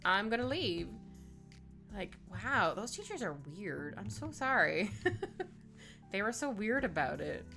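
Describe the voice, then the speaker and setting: A woman's voice: medium pitch, very animated, a little slow, gravelly, sharp tone, faint music behind. A woman chatting casually on a live stream while she draws, reading chat aloud, laughing often and trailing off mid-thought.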